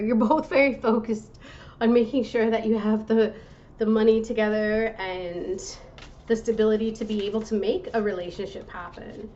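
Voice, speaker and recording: A woman giving a tarot reading to her viewers in a gentle, reassuring way, now and then breaking off to apologize. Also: a little high, dull audio. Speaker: tarot reader.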